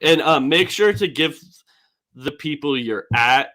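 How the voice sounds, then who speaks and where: A young man hosting a casual sports podcast with a bright, forward tone. He talks in a relaxed, meandering way, filling gaps with um and like. His energy drops low and soft as he winds things down. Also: unhurried. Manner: laid-back, trails off with many fillers and likes. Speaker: podcast host.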